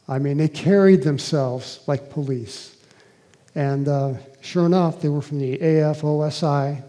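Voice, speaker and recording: A man giving a talk and recounting a personal experience in an earnest, halting conversational way, with fillers and restarts. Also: fairly high pitch, warm tone.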